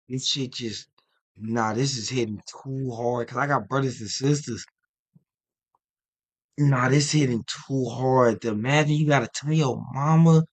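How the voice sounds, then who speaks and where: Tearful man hosting a reaction video, emotional and unhurried. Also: mid-range voice, steady tone, dry recording. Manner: emotional, exclamatory. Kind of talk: casual reaction commentary.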